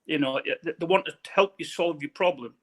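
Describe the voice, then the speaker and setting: A man's voice: a little high, a little fast, fairly bright tone. A man from northern England with a northern English accent, chatting casually as an interview guest and rambling with repeated words.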